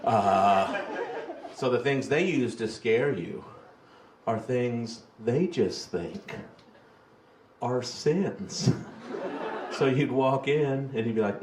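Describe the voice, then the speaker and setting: A man's voice: medium pitch, slow, pauses often. A man doing a crude, storytelling stand-up comedy set on a club stage, into a handheld mic, acting out the people in his stories. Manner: crude, storytelling, acts out characters. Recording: echoey club with audience noise.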